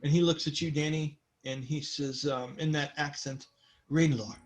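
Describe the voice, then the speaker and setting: A man running a tabletop role-playing session and describing the scene to his players. His voice is fairly high for a man. He rambles in a relaxed way and fills his pauses with many ums. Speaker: game master. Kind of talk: narrating a tabletop game.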